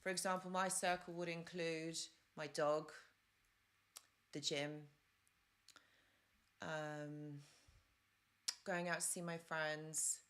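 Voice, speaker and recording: Woman, live-stream host, lowish voice, chatty advice with rambling asides. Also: little pitch movement, slow pace, long pauses, fairly bright tone. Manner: chatty, rambling, with fillers and side stories.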